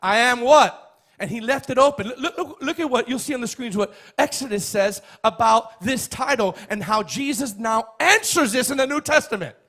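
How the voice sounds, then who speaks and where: High, bright-voiced preaching man. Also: animated, a little fast, hardly any pauses. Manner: emphatic, repetitive, builds to shouts. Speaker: pastor. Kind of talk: sermon.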